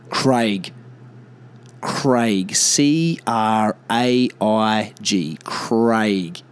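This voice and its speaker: A man's voice: fairly low pitch, a little mellow, smooth. A man ranting casually to camera, exasperated and swearing, spelling words out letter by letter.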